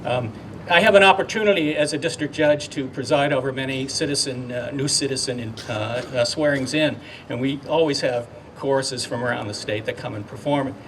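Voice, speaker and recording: An older man giving a ceremonial speech outdoors, halting and heartfelt, with many fillers and restarts. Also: mid-range voice, fairly bright tone, slight background noise. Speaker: speaker at a memorial dedication. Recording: distant mic, faint outdoor ambience.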